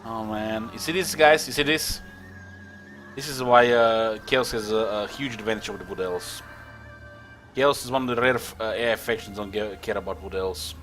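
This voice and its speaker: Lowish-voiced man streaming a strategy game. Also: faint music behind. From Croatia. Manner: casual, excitable, swears, halting with many fillers. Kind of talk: live gameplay commentary.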